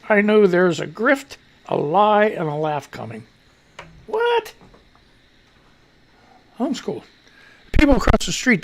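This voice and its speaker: A man rants his way through the day's news on a live show. His talk is loose and profane, with a gravelly rasp, and his pitch leaps all over the place. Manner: loose, profane, animated ranting. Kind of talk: casual live news commentary.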